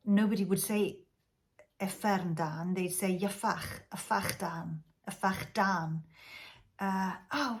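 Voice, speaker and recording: A Welsh woman, a native Welsh speaker, casually teaching Welsh phrases in a chatty vlog, thinking aloud with many fillers and restarts. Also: mid-range voice. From Wales. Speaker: language teacher.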